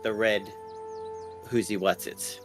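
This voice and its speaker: A man's voice: on the low side, slow, soft background music. A man playing a tabletop game, talking in a playful way. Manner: playful, animated. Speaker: player.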